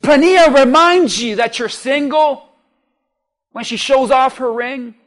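A male pastor preaching a sermon in a lively way, mixing humor with calls to the congregation. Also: very high-pitched, slow.

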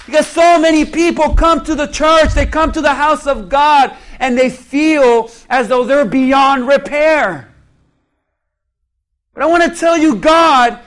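A man's voice: very high-pitched, fairly bright tone. A male pastor preaching a sermon in church, joking with the congregation and leading call-and-response. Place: church sanctuary.

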